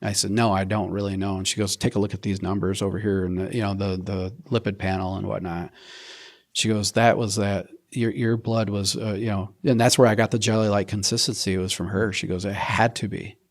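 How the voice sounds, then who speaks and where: A middle-aged man tells his story in a relaxed interview. His voice sits a little low, and he talks in bursts, restarting sentences and acting out what he and others said. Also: a little fast. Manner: animated, acts out his own quotes, frequent restarts. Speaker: program member telling his story.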